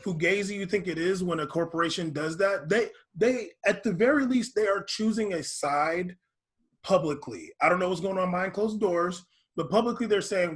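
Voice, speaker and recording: A man co-hosting a podcast in a loose, rambling way, stopping and restarting his sentences. His voice sits a little high and sounds husky. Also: moderate pace, a bit bright. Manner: rambling, full of fillers and restarts. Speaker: podcast co-host. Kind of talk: casual podcast chat.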